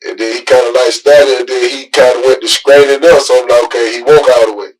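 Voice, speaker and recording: Husky father in a police interview, heard from far off in the room, rambling and halting. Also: medium pitch, fairly even intonation, faint music behind.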